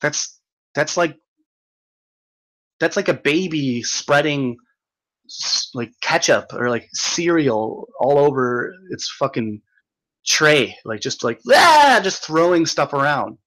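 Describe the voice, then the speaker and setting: A man's voice: on the high side, slow, fairly bright tone, poor audio. A young man hosting a livestream, reading the chat aloud and ranting at commenters with a mocking, exasperated manner, laughing often and swearing.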